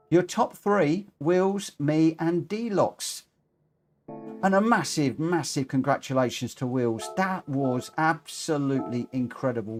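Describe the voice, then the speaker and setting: Chatty man streaming a racing game. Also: fairly high pitch. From United Kingdom. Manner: chatty, reads out chat and race results. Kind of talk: live-stream commentary.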